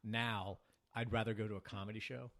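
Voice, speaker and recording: A man's voice: on the low side, steady tone, a little fast, a bit bright. A man co-hosting a podcast, chatting casually and telling rambling stories with acted-out quotes. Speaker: podcast co-host. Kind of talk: casual chat.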